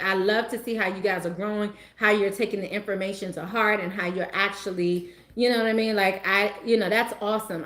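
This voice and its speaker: A woman tarot reader chatting casually to her viewers, animated and emphatic, breaking into laughter and slang as she rants. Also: mid-range voice, echoey room. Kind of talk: casual livestream chat.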